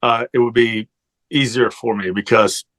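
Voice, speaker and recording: A man's voice: medium pitch, fairly even intonation, moderate pace, a bit bright. A man from Tennessee with a strong Southern accent, telling stories as a guest in a casual interview, rambling with fillers and restarts. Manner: rambling storyteller, many fillers and restarts, laughs easily. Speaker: actor guest.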